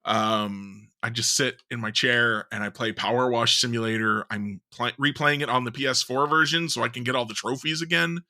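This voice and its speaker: A man's voice: medium pitch, fairly even intonation, moderate pace, few pauses, pushed and bright, dry recording, studio quality. A man co-hosting a casual sports podcast, rambling loosely with many fillers and restarts. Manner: rambling, lots of fillers and self-corrections. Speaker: podcast co-host.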